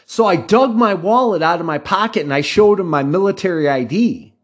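A man's voice: high voice, lively intonation, fairly quick, hardly any pauses, breathy edge. An American man in his fifties talking casually to his viewers, rambling off on tangents and restarting his sentences often. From United States. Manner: rambling, tangent-prone, with frequent restarts and fillers. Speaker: channel host. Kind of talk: casual talk to camera.

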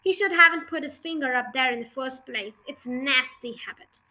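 A woman voicing a sharp-tongued, dismissive mother in a storybook reading. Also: sits high, moderate pace. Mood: scolding. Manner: scolding, dismissive.

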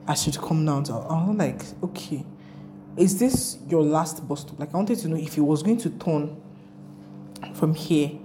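A young Nigerian woman with a Nigerian accent, chatting casually in a vlog, telling her travel stories with animated, rambling asides. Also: low-pitched, slight background noise. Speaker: travel vlogger.

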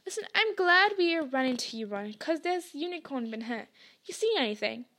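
A woman doing a gruff gamekeeper giant. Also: high-pitched, lively intonation, normal speed, fairly bright tone. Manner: rough folksy speech. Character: gruff burly male gamekeeper. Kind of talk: audiobook reading.

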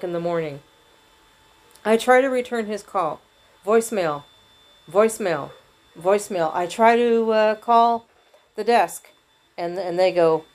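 A woman hosting a podcast, giving a frustrated, rambling monologue that is full of restarts and swearing. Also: medium pitch. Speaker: podcast host. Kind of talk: personal venting monologue.

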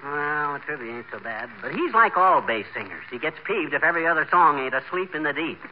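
A man's voice: fairly high pitch, lively intonation, a little fast, lightly acted. A man playing a brash, wisecracking small-town braggart. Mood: scornful. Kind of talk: 1940s radio comedy acting. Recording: dull, hissy 1940s radio broadcast.

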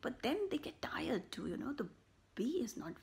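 A woman reading a picture book aloud to children, slow and animated, with buzzing and animal sound effects and soft whispered asides. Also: fairly high pitch, vocal fry. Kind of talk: children's story read-aloud.

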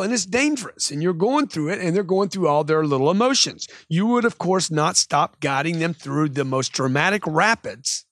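Male sales coach, energetic monologue, voices customers in outbursts, dry studio sound. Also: on the high side, no room sound. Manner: animated, acts out customer quotes with sudden loud outbursts. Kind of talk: motivational monologue.

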